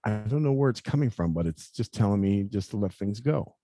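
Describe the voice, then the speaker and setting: A man in his fifties telling a personal story in an interview, earnest and halting, often repeating words and saying "you know". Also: fairly low pitch, expressive, warm tone, no room sound, clean studio sound. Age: 50s. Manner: earnest, confessional. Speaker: interview guest.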